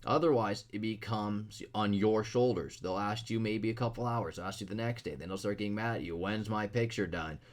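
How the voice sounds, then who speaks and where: A man's voice: on the low side, brisk, hardly any pauses. A young man ranting blunt, profane advice to other artists in a casual vlog.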